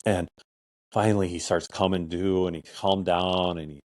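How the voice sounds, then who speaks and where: A man's voice: low-pitched, fairly even intonation, moderate pace, darkish tone, no echo. A middle-aged man hosting a podcast, telling a personal story in a casual, rambling way full of "I'm like" and "or whatever". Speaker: podcast host.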